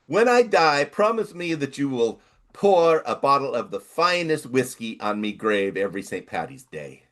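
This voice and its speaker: A man's voice: medium pitch, very animated, moderate pace, a bit bright. A man voicing Pat, a sentimental old Irish pub regular, in a hammy mock Irish accent for a joke. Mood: pleading. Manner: hammy, joke-telling lilt.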